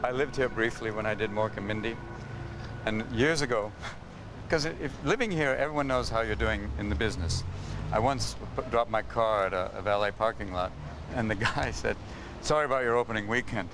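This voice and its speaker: A low, gravelly-voiced man riffs like a comedian, leaping from bit to bit with sudden put-on voices. A faint background noise stays under him. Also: normal speed. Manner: manic, jumps between impressions and shouts. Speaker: comedian interviewee. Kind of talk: rapid comic riffing with put-on voices.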